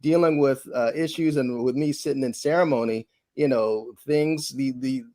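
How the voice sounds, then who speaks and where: A man's voice: mid-range voice, normal speed, warm tone, dry recording. A man on a spiritual panel, talking reflectively and working through analogies with many fillers. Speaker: panel guest.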